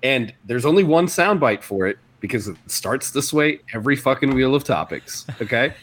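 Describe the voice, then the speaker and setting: Male co-host, casual storyteller, swears and laughs easily, middle pitch. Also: animated, moderate pace, fairly bright tone, slight background noise. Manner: laughs often, swears freely, acts out quotes.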